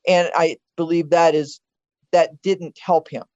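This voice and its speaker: An older woman with a low, warm voice speaks unhurriedly and fairly evenly as a guest on her son or daughter's podcast. She talks earnestly and with strong opinions about past elections in a casual political chat, often restarting her sentences. The recording sounds dull and dry.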